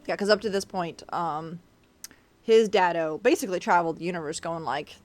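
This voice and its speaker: A woman's voice: lowish voice, fairly quick. A woman streaming a game, chatting casually in a playful, self-deprecating way. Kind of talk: casual gaming commentary.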